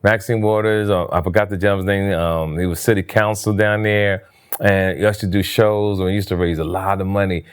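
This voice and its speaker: A man from New Jersey telling stories in a casual interview, his voice jumping up high when he acts out what people said. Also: fairly quick, clear, resonant tone. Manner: animated storyteller, voice jumps high for quoted lines. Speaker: interview guest, comedian.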